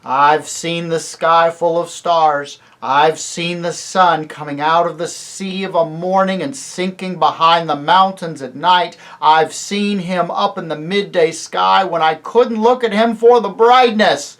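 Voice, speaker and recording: Gloomy marsh-wiggle, loud, short of breath, stammering, storybook voiced by a man. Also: on the high side, measured pace, hardly any pauses, voice pushed up. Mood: defiant.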